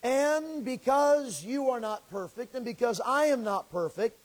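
A pastor, preaching a sermon in an earnest, folksy way with a slightly crackly, scraggly voice. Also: male voice, very high voice, lively intonation. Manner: earnest, folksy, pauses to clear throat.

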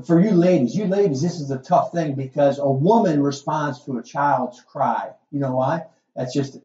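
A man's voice: fairly high pitch, dark tone, reverberant, lo-fi sound. A middle-aged male pastor preaching a sermon in a folksy, conversational way, full of asides and rhetorical questions.

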